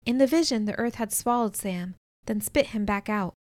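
A woman narrating a novel in the first person, telling it at a measured pace and lifting her voice for dialogue. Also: medium pitch, darkish tone, dry recording, studio quality. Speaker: audiobook narrator.

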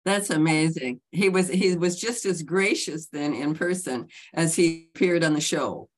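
A woman's voice: sits low, unhurried. A woman interviewer giving short, supportive responses to her guest. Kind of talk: casual interview.

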